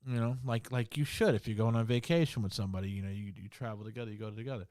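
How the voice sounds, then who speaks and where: A man hosting a podcast, telling a ghost story in casual talk full of swearing and slang, dropping to a hush in the scary parts. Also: mid-range voice, fast, hardly any pauses, no echo, studio quality. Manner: swearing, slangy, full of "bro" and "you know"; drops to a hushed voice in the scary parts. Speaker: podcast host.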